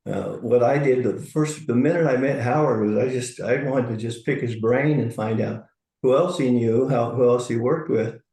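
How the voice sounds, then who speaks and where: A man's voice: mid-range voice, moderate pace, dark tone, echoey room, low-quality recording. A man in his sixties, co-hosting a talk show and sharing reflective, earnest stories in casual chat. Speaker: co-host.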